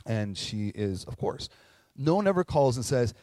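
A middle-aged man preaches in an earnest, conversational way, moving through stories and slipping into quoted voices. His pitch sits in an ordinary middle range. The sound is dry and close, with little room echo. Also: very animated, moderate pace, darkish tone. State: tearing up at moments. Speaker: pastor. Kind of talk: sermon.

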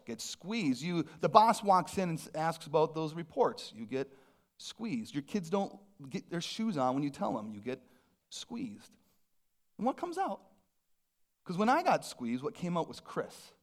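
A man preaching from the pulpit, telling a personal story with self-deprecating humor. His voice sits a little high and swings widely in pitch, lively and animated throughout. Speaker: pastor.

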